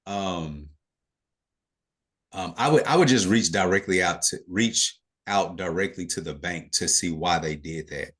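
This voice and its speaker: A man with a deep, husky voice hosts a live online investing class, responding to questions over a video call. He's relaxed and a little slow, frequently using fillers and restarting.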